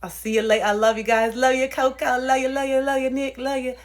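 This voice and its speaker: A young woman livestreaming, ranting casually and profanely to her viewers in an animated way. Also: high-pitched, fast.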